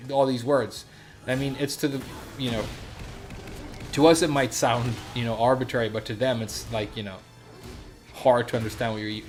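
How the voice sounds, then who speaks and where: A man chatting casually on a stream, rambling with lots of fillers and restarts, with a slight S-sound impediment. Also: mid-range voice.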